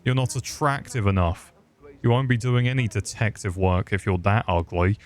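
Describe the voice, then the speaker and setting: A man's voice: fairly low pitch, moderate pace. A man giving crude, rambling comedic commentary while playing a video game. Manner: crude joking banter, rambling. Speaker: gaming commentator. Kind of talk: comedic let's-play commentary.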